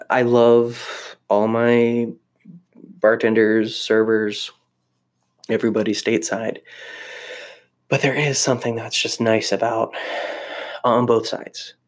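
Rambling young man vlogging casually. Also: fairly low pitch. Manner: rambling, self-deprecating, many restarts. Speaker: vlogger living in Japan. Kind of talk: casual chat to camera.

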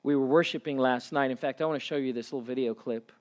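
A male pastor preaching a sermon, telling a story and rising to loud, fervent passages. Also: mid-range voice, fairly even intonation, fast. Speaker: pastor and camp director.

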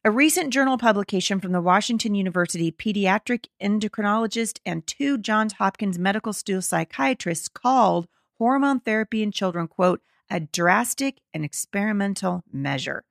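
A woman's voice: mid-range voice, expressive, normal speed, creaky, few pauses, no room sound, clean studio sound. A middle-aged woman hosting a podcast, reading an article aloud and commenting on it in an indignant, emphatic way, often restarting her sentences. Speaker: podcast host.

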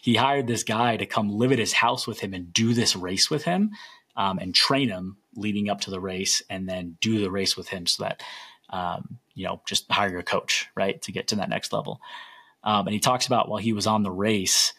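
Husky low-voiced man hosting a podcast. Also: normal speed, bright, forceful tone. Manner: earnest, rambling storyteller. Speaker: podcast host. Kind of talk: solo podcast monologue.

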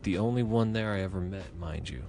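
A man's voice: low voice, a little fast, mellow, faint music behind. A man telling a rambling, profane comic story with chatty asides.

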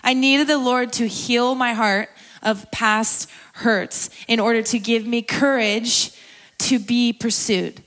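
A woman's voice: on the high side, fairly even intonation, slow, fairly bright tone. A young woman sharing a candid personal testimony at a church gathering, talking casually and laughing often as she preaches. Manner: candid, conversational, laughs often, tearful at times. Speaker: guest speaker at a church gathering.

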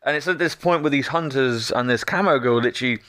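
A man's voice: mid-range voice, fast talker, bright, forceful tone, dry recording, studio quality. A man, co-hosting a casual chat and narrating a TV plot in detail with sweary asides. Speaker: podcast co-host. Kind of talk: casual chat recapping a TV episode.

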